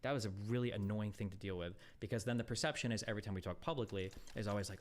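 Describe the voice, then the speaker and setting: Fast-talking blunt man, low voice. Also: darkish tone. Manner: rapid, rambling, profane, heavy fillers; blunt, exasperated. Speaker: streamer. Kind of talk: casual livestream talk.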